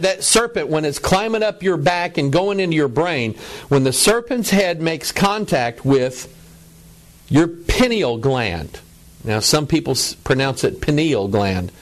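A middle-aged man preaching a lecture to a broadcast audience, stressing words by drawing them out and often repeating himself. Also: on the high side. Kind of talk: preaching lecture over images.

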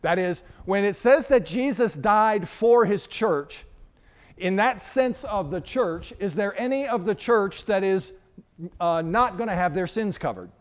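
A male pastor preaching into a stage microphone, his voice sitting a little higher than most men's. He poses questions to the congregation and answers them himself, moving between loud, emphatic lines and soft, hushed ones. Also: animated, unhurried. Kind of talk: expository sermon.

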